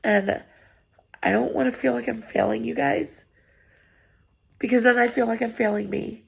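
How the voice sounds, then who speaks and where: A woman vlogger talks to her viewers after crying, still tearful. Her slightly high voice is strongly gravelly and very husky. She sounds earnest, apologetic and encouraging. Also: fairly even intonation, moderate pace. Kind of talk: heartfelt personal vlog talk.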